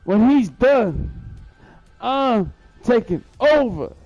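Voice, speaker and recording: A man's voice: extremely high pitch, very animated, extremely slow, a little mellow, dry recording, dull audio, faint music behind. A man rambling through a profane, boastful story in a live-stream monologue, repeating himself as he goes.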